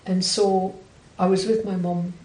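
A Scottish woman who is a Buddhist nun, telling a personal story in conversation with direct, animated delivery that acts out quoted dialogue. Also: on the low side, a little slow, echoey room, slight background noise, poor audio.

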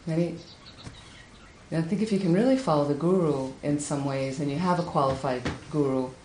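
A woman giving a Buddhist talk, telling a teaching story with lively, high-pitched acted quotes. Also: moderate pace, a little hiss or hum. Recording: echoey room with faint ambience.

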